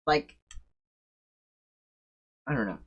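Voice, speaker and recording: A man streaming and reacting casually, swearing and breaking into loud excited bursts. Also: very slow, muffled recording.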